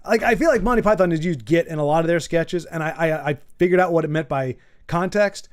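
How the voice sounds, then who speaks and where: This livestream host from the United States reads his chat aloud and muses as he goes, rambling and frequently repeating himself. He talks briskly in a voice on the high side.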